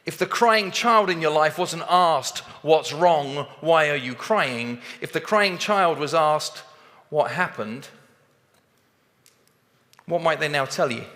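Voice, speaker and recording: A man giving a motivational talk on a stage, animated and acting out both sides of conversations. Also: fairly high pitch, slow, in a large hall. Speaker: sales trainer speaking on stage.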